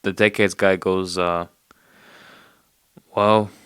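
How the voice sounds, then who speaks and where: Low-voiced man rambling through a story. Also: fairly even intonation, moderate pace, fairly bright tone, clear, resonant tone, no echo, clean studio sound. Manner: rambling, profane, streetwise slang. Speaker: podcast host. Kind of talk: casual retelling of a movie plot.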